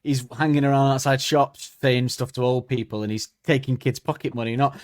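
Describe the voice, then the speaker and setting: A man's voice: mid-range voice, brisk, hardly any pauses, dry recording, studio quality. A man, co-hosting a podcast and chatting casually, joking and acting out quotes. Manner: animated, jokey, acts out quotes. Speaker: podcast co-host. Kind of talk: casual comedic chat.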